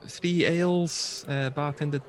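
A man voicing a female tavern waitress, hesitant and full of pauses. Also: on the high side, fairly even intonation, pitched above the performer's own voice, lightly acted. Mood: friendly.

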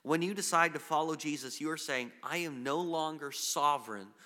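A man's voice: a little high, normal speed, bright, forceful tone. A man preaching a sermon as pastor, earnest, with frequent restarts and repeated words. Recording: long hall reverb.

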